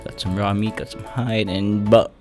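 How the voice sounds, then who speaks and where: Goofy, low-voiced young gaming man. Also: level tone, moderate pace, a little mellow, soft background music. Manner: rambling, goofy, swears a lot, sing-song exclamations. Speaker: gaming YouTuber. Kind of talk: casual gameplay commentary.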